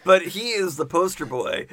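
A man's voice: sits high, animated, unhurried, a bit bright. A man in a casual movie review chat, adding short, dry corrections and details. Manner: dry interjections, supplies names and corrections.

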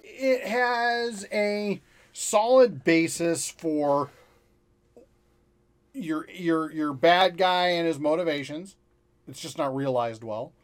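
Man picking apart a film, somewhat high. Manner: measured, analytical, halting restarts. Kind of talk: casual movie discussion.

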